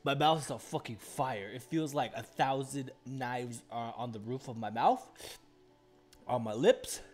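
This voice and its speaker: A young man streaming live in casual chat, loud, reactive and exclaiming. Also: mid-range voice, measured pace, soft background music.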